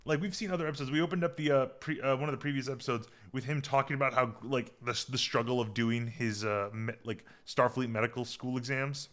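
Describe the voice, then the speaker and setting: A man co-hosting a podcast in casual chat, rambling with lots of restarts and getting animated when something amuses him. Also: medium pitch, brisk, few pauses. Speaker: podcast co-host.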